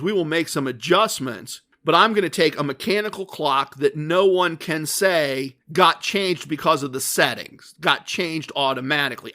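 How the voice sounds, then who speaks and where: A middle-aged man hosting a podcast, telling a personal story in a casual monologue and acting out the conversations slowly and with emphasis. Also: fairly high pitch, bright, forceful tone. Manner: deliberate, re-enacting dialogue with emphatic slow repetition. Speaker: podcast host.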